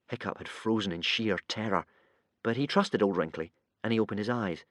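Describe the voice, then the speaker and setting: A man reading a children's audiobook aloud with lively, expressive narration. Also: lowish voice, brisk, dry recording. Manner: lively, voices many characters.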